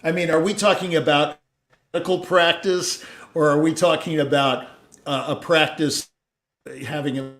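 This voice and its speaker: Older guy chatting about music, fairly high voice, jumps from loud to mumbly. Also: moderate pace. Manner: animated storyteller, jumps between loud asides and low mutters. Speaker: host. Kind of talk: casual chat.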